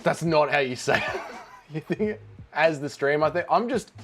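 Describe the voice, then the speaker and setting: A man's voice: fairly high pitch, expressive, normal speed, a bit bright, faint music behind. A man hosting a casual watch-along livestream, joking around and reading out chat messages. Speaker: livestream host.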